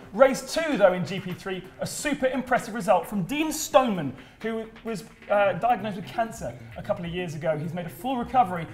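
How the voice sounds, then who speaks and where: A man co-hosting a motorsport news show, chatting and bantering in a casual way. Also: high voice. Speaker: co-host. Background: background music.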